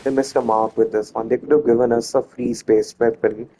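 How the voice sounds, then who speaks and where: A gameplay commentator talks viewers through a video game as he plays, chatty and frequently correcting himself mid-sentence in casual let's-play style. His voice is medium-pitched, level, brisk, and dark in tone, in a low-quality recording.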